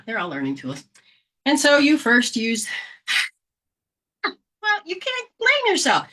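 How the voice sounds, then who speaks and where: Female healing teacher, lively and expressive, slangy and casual; fairly high, bright voice. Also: measured pace, pauses often. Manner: animated, acts out scenes, casual slang and mild swearing. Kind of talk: informal spiritual lesson.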